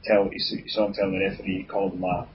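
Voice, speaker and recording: A man's voice: low-pitched, little pitch movement, racing, lo-fi sound, a little hiss or hum. A Scottish man chatting casually about football on a podcast, rambling with lots of fillers. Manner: rambling, many fillers, says aye often. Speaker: podcast co-host.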